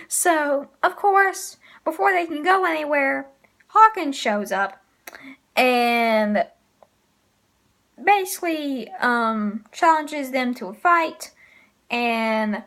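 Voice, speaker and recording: High-voiced woman recapping slowly. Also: lively intonation, fairly bright tone. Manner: hesitant, frequent filler pauses. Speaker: manga reviewer. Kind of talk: casual chapter recap.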